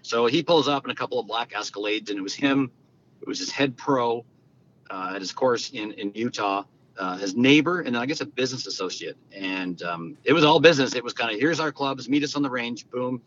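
A man, a guest telling stories in an animated, conversational way and acting out the quoted lines. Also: fairly quick. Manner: animated, acts out quoted dialogue. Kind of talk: conversational storytelling. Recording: dull lo-fi sound with faint rumble.

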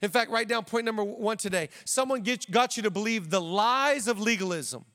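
A man preaching a sermon as pastor, animated, with quick asides and playful asides to the crowd. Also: high-pitched. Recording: long hall reverb.

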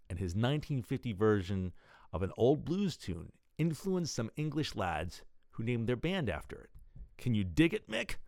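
A man's voice: lowish voice, gravelly, a little mellow, no echo, clean studio sound. A man hosting a show, reading a wry, pun-loving column and a serial story. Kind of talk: scripted column and serial narration.

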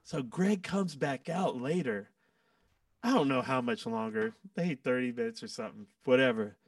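A man, a guest musician, telling stories in a casual, animated way and acting out quoted lines. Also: mid-range voice, normal speed, creaky, dry recording, recorded from a distance. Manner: animated, acts out quotes with laughs. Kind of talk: casual storytelling.

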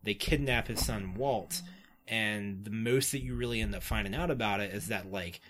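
A podcast co-host rambling casually through a TV plot, packing his talk with "like" and quick laughs. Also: lowish voice, fairly bright tone. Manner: rambling, filler-heavy retelling with frequent "like" and laughs. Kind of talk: casual chat.

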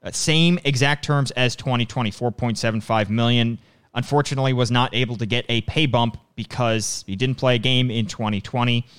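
A man co-hosting a casual sports podcast, talking briskly with frequent restarts. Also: medium pitch, steady tone, a bit bright, clean tone. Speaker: podcast co-host.

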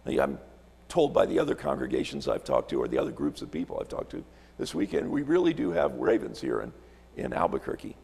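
A man's voice: a bass voice, very animated, brisk, vocal fry, darkish tone, slightly rough, long reverb tail. A man preaching a sermon as a visiting pastor from Alaska, telling stories, repeating words and asking rhetorical questions in a church sanctuary.

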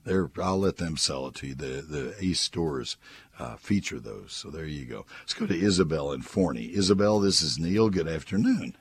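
A man's voice: lively intonation, normal speed, gravelly, breathy edge. An older man hosting a radio gardening call-in show, folksy and chatty, reading live ads and taking callers. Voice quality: squeaky voice, as he says. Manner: folksy, chatty, leans on repetition. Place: radio studio.

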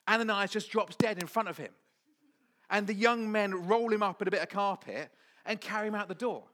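Animated, high-voiced male preacher. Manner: animated storytelling, acting out quoted voices. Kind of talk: sermon.

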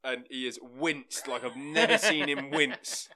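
Male co-host, bright voice, loose sweary banter. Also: medium pitch, steady tone, unhurried. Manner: rambling, sweary, restarts sentences. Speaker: podcast co-host. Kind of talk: casual chat.

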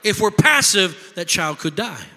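High bright man preaching in a hall. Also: unhurried. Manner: animated storytelling, shouting for emphasis. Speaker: pastor. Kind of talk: sermon.

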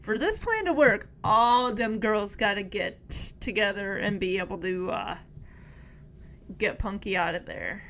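A woman's voice: mid-range voice, animated, unhurried, fairly bright tone, slight background noise, pitched below the performer's own voice. Lady doing a scheming little boy, eager, plotting a prank.

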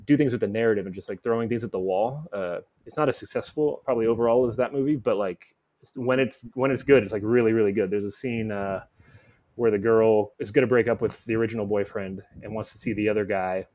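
Low-voiced guy critic talking films, rambly, says like a lot, casual podcast chat. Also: steady tone, fast, warm tone. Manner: rambling, lots of "like" and "uh" fillers. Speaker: film critic, guest correspondent.

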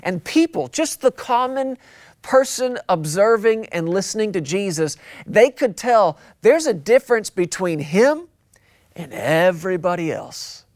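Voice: mid-range voice, animated, unhurried, darkish tone, no echo, clean studio sound. A pastor preaching a sermon, emphatic and repetitive, drawing out key words for weight.

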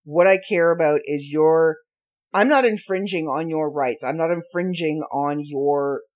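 A woman hosting her own podcast from home late at night, ranting in a sarcastic way with slow, drawn-out emphasis. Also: deep voice, a little mellow. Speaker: podcast host. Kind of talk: ranty solo podcast monologue.

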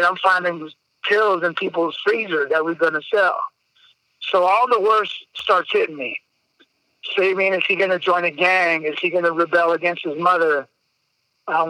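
A man's voice: high voice, sharp tone, no room sound, low-quality recording. A man, telling a personal story on a podcast in a candid, emotional way, swearing freely. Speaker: podcast guest. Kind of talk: casual storytelling.

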